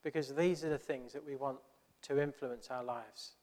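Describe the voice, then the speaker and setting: A man's voice: mid-range voice, steady tone, normal speed, darkish tone, big-room sound. A male pastor preaching a sermon in a church, earnest and conversational, with many rhetorical questions.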